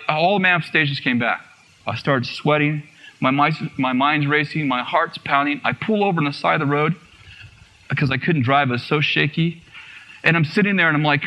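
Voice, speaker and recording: A man giving a personal testimony in a sermon, telling his story in an animated way, acting out what was said and laughing often. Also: on the high side. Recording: muffled radio broadcast.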